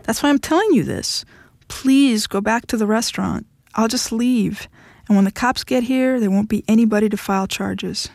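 A woman's voice: a little high, moderate pace, vocal fry, darkish tone, dry recording, clean studio sound. A woman reading the lines of a blunt young woman who speaks firmly and coolly to her husband.

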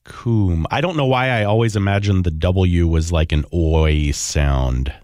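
A man's voice: low voice, unhurried, a little mellow, dry recording, studio quality. A man co-hosting a podcast in casual chat, hesitantly sounding out words with laughs and restarts. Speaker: podcast co-host.

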